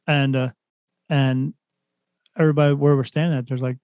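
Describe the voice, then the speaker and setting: A man's voice: medium pitch, normal speed, long pauses, clean tone, no room sound, muffled recording. A man telling a story as a podcast guest, a spirit medium, retelling events animatedly and acting out other people's lines. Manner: animated retelling, acts out quoted voices. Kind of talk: casual storytelling.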